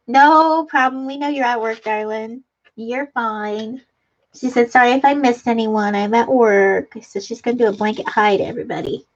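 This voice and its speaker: Giggly chatty woman on a lo-fi stream. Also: a little high. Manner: giggly, chatty, laughs often. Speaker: live stream host. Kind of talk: casual live-stream chat reading comments. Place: home craft room. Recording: dull lo-fi live-stream audio.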